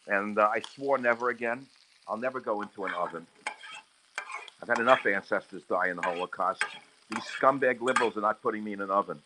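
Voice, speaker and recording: A man's voice: fairly low pitch, noisy background. A man talking casually while cooking on a livestream from his home kitchen. He speaks into a handheld phone and slides into crude, heated rants. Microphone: handheld phone camera. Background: sizzling frying pan.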